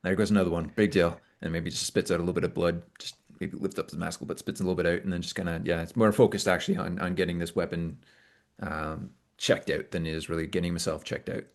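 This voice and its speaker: A man playing a tabletop game, relaxed as he describes his character's actions. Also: sits low, quick pace. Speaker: player. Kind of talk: casual tabletop play.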